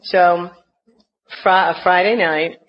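A woman's voice: lowish voice, fairly even intonation, takes it slowly. A middle-aged woman with a New Jersey accent tells a humorous personal story as a recovery meeting speaker, acting out her past outbursts. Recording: dull lo-fi recording with faint noise.

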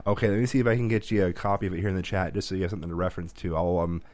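A man with a very deep, low voice tells long family stories at a quick clip. He rambles, restarts sentences and laughs often as he co-hosts a casual podcast chat. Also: fairly even intonation, darkish tone, no room sound. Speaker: podcast co-host.

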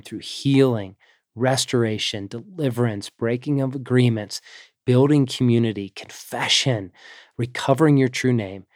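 A man hosting an interview speaks in a measured, earnest way, summing up his guest's story in long lists. His voice sits at an ordinary pitch and is recorded close, with a dry sound. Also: darkish tone, no room sound. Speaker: interview host. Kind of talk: reflective interview talk.

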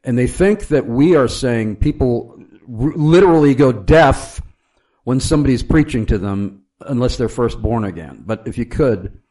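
A man's voice: medium pitch, lively intonation, normal speed, mellow. A man hosting a theological discussion, telling an anecdote with frequent hesitations. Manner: storytelling, frequent uh fillers. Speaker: host.

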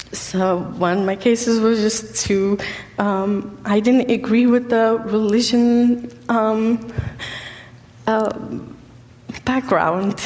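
A woman's voice: on the high side, a little mellow. Earnest woman in a reverberant hall. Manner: earnest, halting with frequent fillers. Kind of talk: personal testimony.

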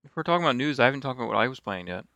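A man's voice: mid-range voice, expressive, rapid-fire, vocal fry, bright, forceful tone, no room sound. A man co-hosting a gaming podcast, teasing dryly and laughing between remarks. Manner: dry teasing, laughs a lot. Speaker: podcast co-host. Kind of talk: casual chat.

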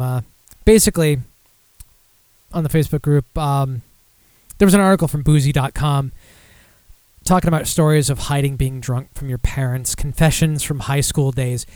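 A young man hosts a laid-back podcast, rambling through beer news with plenty of fillers and self-deprecating remarks. His voice is mid-range with a darkish tone, and there's no room sound.

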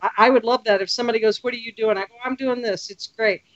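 A woman's voice: on the high side, fast talker. Woman on a podcast telling travel stories, acts out the quotes, kinda muffled sound. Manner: lively storyteller, acts out quotes. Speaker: podcast guest, photography tour leader. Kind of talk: casual podcast chat.

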